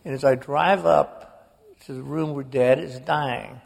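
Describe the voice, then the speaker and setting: Older man, gravelly, self-mocking storyteller, big auditorium echo. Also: medium pitch, steady tone, measured pace, a little mellow. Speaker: guest author. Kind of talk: storytelling anecdote on stage. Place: large auditorium before an audience. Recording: long reverb of a big hall.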